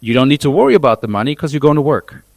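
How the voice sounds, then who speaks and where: A man's voice: medium pitch, lively intonation, racing, dry recording. A man who is a DJ and producer, giving blunt, opinionated views on a live panel and swearing casually. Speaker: DJ and producer, guest.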